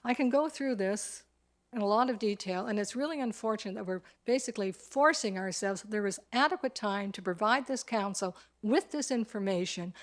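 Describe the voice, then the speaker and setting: A woman's voice: medium pitch, normal speed. A woman town councillor speaking in a council meeting, frustrated and emphatic, repeating her points as she objects.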